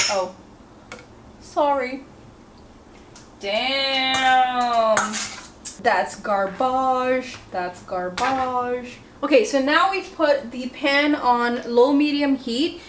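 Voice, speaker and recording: A woman's voice: a little high, a little hiss or hum. Chatty young woman with an Indian accent. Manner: chatty, self-deprecating, talks to the camera. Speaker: home cook vlogger. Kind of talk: casual cooking vlog. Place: home kitchen.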